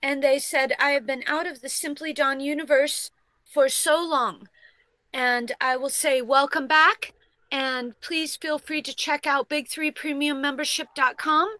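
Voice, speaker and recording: High, bright-voiced woman co-host. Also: fairly even intonation, unhurried, no room sound. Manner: upbeat, thankful, dry comebacks. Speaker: co-host reading tips. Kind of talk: casual chat.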